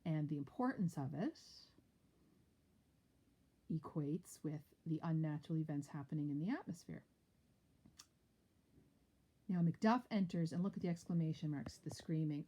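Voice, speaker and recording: A woman's voice: sits low, normal speed, long pauses, mellow. A woman teacher explaining a play in a lecture, with chatty, explanatory asides. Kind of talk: lecture with read-aloud play.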